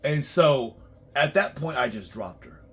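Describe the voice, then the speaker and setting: A man working as a tax preparer, ranting bluntly and profanely in a monologue, swinging between loud outbursts and low muttering. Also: animated, unhurried, breathy edge.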